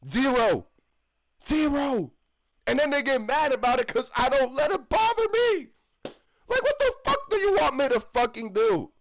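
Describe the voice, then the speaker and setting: A man from the United States rants heatedly about hockey with constant swearing. His voice sits high for a man and swings widely up and down as he hammers his points home again and again. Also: very animated, moderate pace, fairly bright tone, low-quality recording. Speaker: hockey fan vlogger. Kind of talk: profane ranting commentary.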